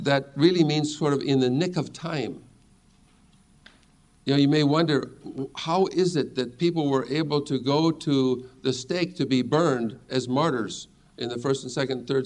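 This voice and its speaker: A man's voice: mid-range voice, darkish tone. A middle-aged man teaching a sermon as a pastor, earnest and reassuring as he reads scripture aloud.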